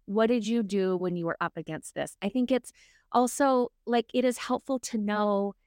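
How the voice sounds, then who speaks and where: A woman's voice: medium pitch, normal speed, darkish tone, dry recording. Chatty woman telling a story, very dry sound. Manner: storytelling, reenacts dialogue with frequent "like" and "right?". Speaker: podcast co-host. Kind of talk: casual chat.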